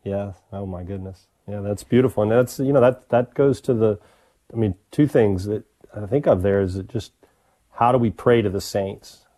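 A priest guest on a radio talk show speaks gently and reflectively. His voice sits a little low, with a warm, mellow tone. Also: normal speed.

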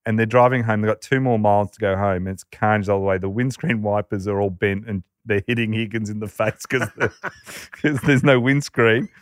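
Lively Australian man telling wild stories. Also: fairly low pitch, a little fast, no room sound, studio quality. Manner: lively anecdote-telling, laughing, acting out quoted voices. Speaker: podcast storyteller. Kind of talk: casual storytelling chat.

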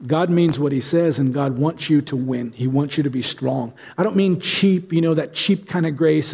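A man's voice: on the high side, gravelly, warm tone, breathy edge, long reverb tail. A man preaching a sermon in an urgent, pleading, conversational way. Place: large church hall.

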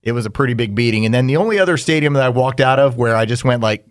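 A man co-hosting a sports talk show, launching into stories and putting on other people's voices as he tells them. His pitch sits in the ordinary middle range for a man. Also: rapid-fire, no echo, clean studio sound. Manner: storytelling, emphatic, fond of acted quotes. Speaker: radio show co-host. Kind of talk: casual sports radio chat.

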